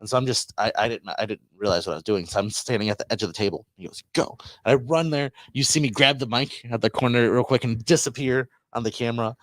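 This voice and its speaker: A man's voice: mid-range voice, fast talker, hardly any pauses, dry recording. A man hosting a podcast, telling a rambling casual story and acting out what people said. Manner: rambling anecdote with acted-out quotes. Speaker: podcast host.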